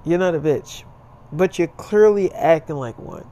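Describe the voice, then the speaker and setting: A man's voice: fairly high pitch, expressive, a little slow, warm tone. A man voicing an angry young man who curses and talks indignantly, in a casually told story. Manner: indignant, profane.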